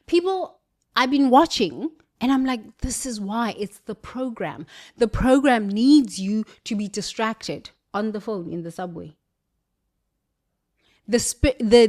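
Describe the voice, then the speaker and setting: A woman with a British accent giving an emphatic spiritual motivational monologue, preachy, with sudden jumps in pitch and volume. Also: a little mellow. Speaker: motivational speaker.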